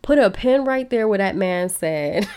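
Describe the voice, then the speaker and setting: A woman in her thirties hosting a podcast, telling her own life story in an emotional, animated way and speaking straight to her listeners. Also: mid-range voice, unhurried, smooth.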